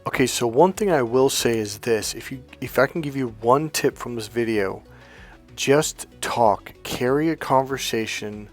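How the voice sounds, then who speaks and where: A middle-aged man with a medium-pitched voice gives dating advice at a measured pace, faint music playing behind him. He tells a story bluntly and emphatically, with plenty of profanity, in a casual storytelling monologue.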